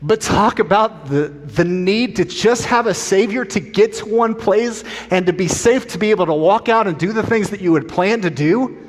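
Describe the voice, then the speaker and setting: A middle-aged man preaching a sermon as a pastor, an animated, self-deprecating storyteller, in a church sanctuary. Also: sits high, moderate pace, hardly any pauses. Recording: long church hall reverb.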